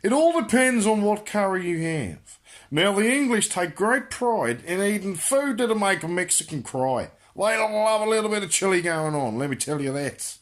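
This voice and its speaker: A man's voice: high voice, very animated, moderate pace. A man with an Australian accent hosting a crude comic monologue, answering viewer questions in a brash, boisterous way and laughing at his own jokes.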